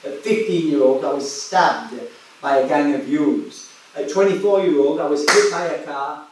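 A man's voice: a little high, moderate pace, background noise. Guy preaching, tells stories and laughs a lot, mic far off in a really echoey room. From West Yorkshire, England. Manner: chatty anecdotes, laughing often. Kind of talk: sermon storytelling.

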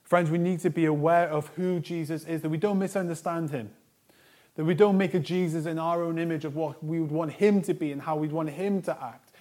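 A man preaching a sermon as a pastor, earnest, stressing repeated lists and moving between a soft, low voice and loud emphasis. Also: steady tone, fairly quick.

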